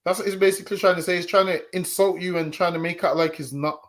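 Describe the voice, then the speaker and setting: A man's voice: high voice, fairly even intonation, fast, a bit bright. A man co-hosting a reaction commentary, arguing his point with restarts and stammers. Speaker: co-host.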